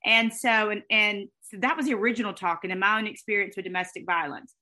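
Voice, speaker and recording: A middle-aged woman, a guest telling her story in an expressive, fast way. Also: medium pitch. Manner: fast, expressive, with faith talk and laughter. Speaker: guest, speaker and former sportscaster. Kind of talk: animated storytelling interview.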